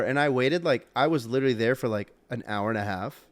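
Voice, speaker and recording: Young male podcast co-host, casual, gets loud and animated mid-story. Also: mid-range voice, moderate pace, clear, resonant tone.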